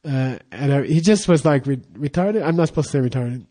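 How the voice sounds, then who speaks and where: Halting, chatty male monk storyteller. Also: mid-range voice, lively intonation, warm tone. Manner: rambling, halting, with fillers and laughs. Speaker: Buddhist monk teacher. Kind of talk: casual storytelling teaching.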